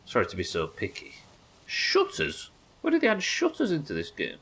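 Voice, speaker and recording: A man's voice: fairly high pitch, huge pitch swings, normal speed, pushed and bright, breathy edge. A British man giving casual, chatty, sweary commentary while he plays and builds in a game. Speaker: game streamer. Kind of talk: casual let's-play commentary.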